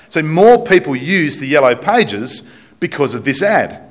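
A man with an Australian accent preaching a sermon to a congregation in a chatty, joking way, slowing down to stress key points. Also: medium pitch, sing-song. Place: church, speaking to a congregation.

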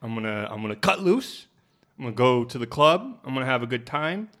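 A man's voice: medium pitch, sing-song, brisk, fairly bright tone. A man putting on a jokey Scottish partygoer. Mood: carefree. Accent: put-on Scottish. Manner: jokey, exaggerated.

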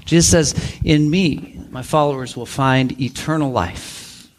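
Emphatic man preaching, fairly high voice. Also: measured pace, slight background noise. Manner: emphatic, quotes scripture and authors. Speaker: pastor. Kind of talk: sermon. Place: church.

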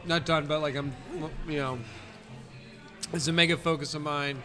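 Man talking over clear music. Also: on the high side, moderate pace. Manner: relaxed with many ums. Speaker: podcast co-host. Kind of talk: casual chat.

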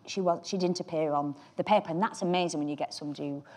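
A woman's voice: on the low side, very fast, darkish tone. An actress with a Northern English accent, chatting in an interview and telling rambling anecdotes about her roles. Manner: chatty, anecdotal, trails off mid-sentence. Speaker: actress guest. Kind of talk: relaxed interview chat.

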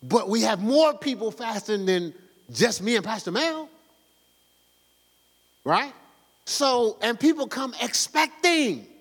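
A man's voice: very high-pitched, very animated, takes it slowly, long pauses, a bit bright, husky, big-room sound. A male pastor preaching a sermon in a fervent, conversational, slangy way, exhorting his congregation.

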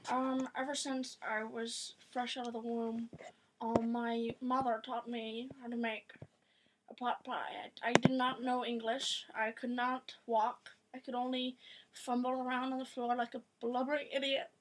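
A woman's voice: fairly high pitch, little pitch movement, unhurried, background noise, close to an everyday voice. A woman voicing a boastful female pot pie maker who rambles as a talk show guest.

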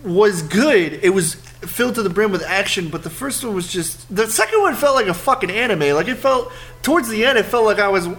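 A man co-hosting a podcast, chatting casually and telling animated, swear-heavy stories. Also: high voice, fairly quick. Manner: swears a lot, animated storytelling. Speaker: podcast co-host. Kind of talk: casual chat.

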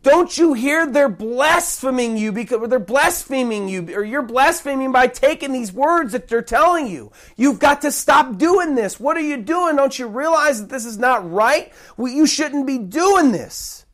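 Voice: sits high, animated, unhurried, few pauses, pitched above the performer's own voice. A preacher voicing indignant chief priests who raise their voices and scold in accusing tones. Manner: raised, accusing, near shouting.

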